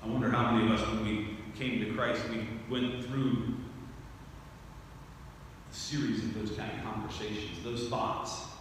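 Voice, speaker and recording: A man preaching a sermon as pastor, talking in a conversational way that swells into animated emphasis on key phrases. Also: fairly low pitch, unhurried, pauses often. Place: church sanctuary. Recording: echoey church hall from far off, faint noise.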